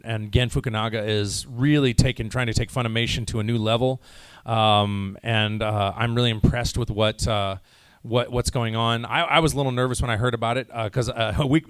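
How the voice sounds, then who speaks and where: A jet-lagged American man talks through a fan's question in a loose, rambling way, full of fillers and restarts. His voice sits at an ordinary middle pitch. The sound is dry and close, with almost no room echo. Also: smooth. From United States. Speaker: voice actor answering fan questions at a convention panel. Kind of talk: casual panel Q&A.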